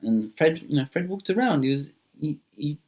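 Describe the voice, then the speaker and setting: A man's voice: on the high side, lively intonation, moderate pace, a little mellow. A man telling an improvised myth casually, rambling with many fillers and restarts. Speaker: storyteller. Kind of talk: improvised spoken storytelling.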